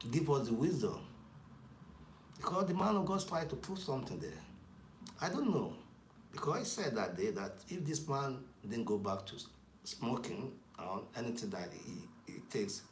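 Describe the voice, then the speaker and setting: A man rambles through a casual talk, full of fillers and restarts. His pitch swings widely as he speaks. The recording is echoey, with a faint hiss underneath. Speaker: commentator. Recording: echoey room with faint noise.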